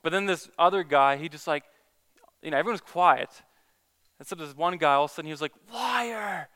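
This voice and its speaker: A man's voice: on the high side, quick pace, bright, forceful tone, clear, resonant tone. A man who is a Christian evangelist, earnestly telling a story in a casual talk, with many restarts.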